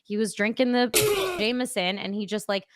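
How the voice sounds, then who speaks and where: A woman's voice: a little high, moderate pace, background noise. Chatty woman telling a story. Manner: animated storyteller, lots of "like". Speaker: podcast co-host. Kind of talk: casual chat.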